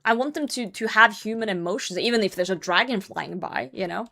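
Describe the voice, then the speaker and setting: A woman's voice: mid-range voice, fairly quick, gravelly, pushed and bright. A woman hosting a livestream, chatting casually with viewers while she plays. She rambles, rants freely and swears offhand. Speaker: livestream host.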